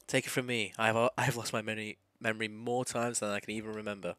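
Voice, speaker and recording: A man's voice: lowish voice, flat delivery, quick pace, pushed and bright, dry recording. A man reading as a pompous, eccentric older inspector in a grandiloquent, theatrical way.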